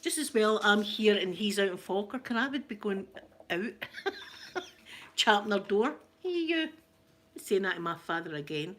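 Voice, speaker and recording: A woman's voice: mid-range voice, moderate pace, fairly bright tone. A middle-aged Scottish woman hosting an ASMR channel, chatting casually and telling family stories, often laughing and acting out quoted voices. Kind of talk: casual storytelling chat.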